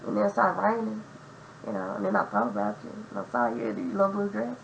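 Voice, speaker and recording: Woman doing a creepy low-mumbling man caller. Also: quick pace, creaky, muffled recording, heavy background noise. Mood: creepy murmur. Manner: low mumbling monotone, ignores interruptions.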